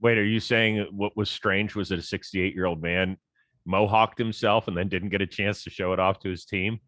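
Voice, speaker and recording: A man from Ohio hosting a sports talk show, easygoing and quick to laugh in casual chat. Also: steady tone, fairly bright tone, no room sound, studio quality. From Cleveland, Ohio. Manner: easygoing, laughs often, trails off low.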